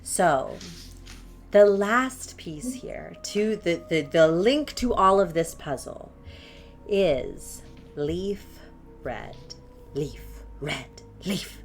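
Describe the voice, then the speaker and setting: A woman running a tabletop game as game master, narrating scenes in a slow, hushed, suspenseful way. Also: lowish voice, lively intonation, soft background music.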